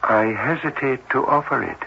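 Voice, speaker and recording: An actor playing a cautious, formal cardiologist, speaking in a measured, hesitant way in an old-time radio drama. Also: male voice, mid-range voice, gravelly, bright, forceful tone. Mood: grave. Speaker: doctor. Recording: dull old radio broadcast with faint hiss.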